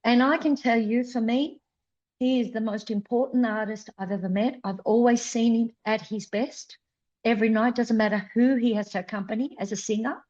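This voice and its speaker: A woman's voice: on the high side, fairly even intonation, moderate pace, darkish tone, lo-fi sound. A woman in her fifties, a flamenco dancer guest, talking earnestly and repeating words for emphasis in an interview. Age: 50s. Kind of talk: conversational interview.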